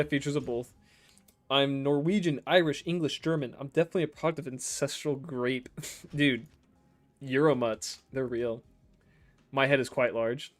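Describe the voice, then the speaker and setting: Rambling young American man streamer. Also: medium pitch. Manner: rambling, laughs often, swears casually. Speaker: game streamer. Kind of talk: casual chat while reading viewer messages.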